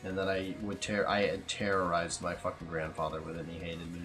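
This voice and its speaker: A young man co-hosting a casual podcast chat, telling profane, animated stories. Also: low voice, brisk, faint music behind. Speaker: podcast co-host.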